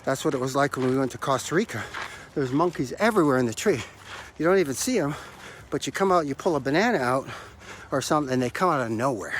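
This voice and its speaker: A man's voice: mid-range voice, expressive, fast talker, a bit bright, a little hiss or hum. A man hosting a motivational podcast as a life coach, out of breath from running stairs, talking emphatically and repeating his key phrases like a preacher.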